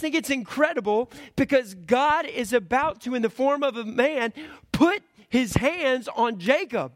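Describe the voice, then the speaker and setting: A man in his thirties delivers a sermon with a high, lifted voice. He tells lively, humorous stories and drops to a hush for his serious points. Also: measured pace. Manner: animated storytelling with humor; swings between loud and hushed. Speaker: preacher.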